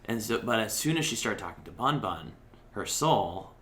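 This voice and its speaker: Bright-voiced man telling a story. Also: lowish voice, animated, normal speed, slight background noise. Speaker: podcast host. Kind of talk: conversational storytelling.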